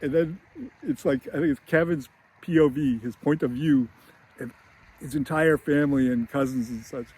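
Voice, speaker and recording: A man's voice: mid-range voice, moderate pace, darkish tone, slightly rough. A man casually retelling a film scene in a chatty way, laughing often and using many fillers. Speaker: screenwriting commentator.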